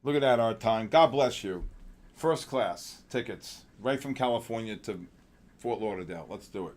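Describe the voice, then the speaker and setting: A man hosting a live trading stream, talking excitedly with chat viewers by name and pushing them on their trades. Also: lowish voice, moderate pace. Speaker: trading show host.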